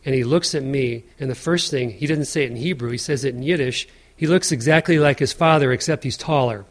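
A middle-aged man, an author, telling an emotional personal story in a talk to an audience, with frequent restarts. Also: medium pitch.

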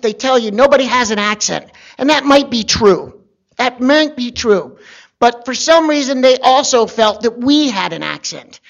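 Male storyteller with a gravelly voice, dry wit and deadpan asides, on a muffled recording. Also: extremely high pitch. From Virginia. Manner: wry, conversational, deadpan asides. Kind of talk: personal storytelling.

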